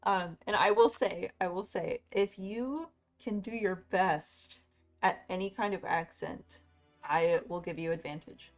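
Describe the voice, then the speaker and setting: A woman's voice: on the low side, unhurried, soft background music. A woman running a tabletop roleplaying game as game master, casual and encouraging with her players.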